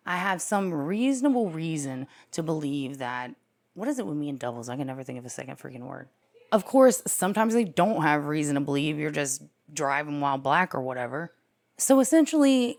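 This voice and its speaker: A low-pitched woman talking through a criminal case in a casual, chatty way. She jokes at her own expense and often jumps up into loud, excited exclaims before dropping back to an offhand tone. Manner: chatty and irreverent, laughs at herself, swings into loud exclaims. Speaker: true crime commentator. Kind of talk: casual legal commentary to camera.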